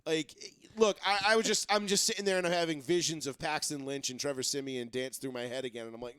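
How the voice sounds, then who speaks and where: A man hosting a sports talk show, talking casually and excitably, rambling and swearing often. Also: fairly high pitch, quick pace, hardly any pauses, clear, resonant tone, dry recording, studio quality. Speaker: sports radio host.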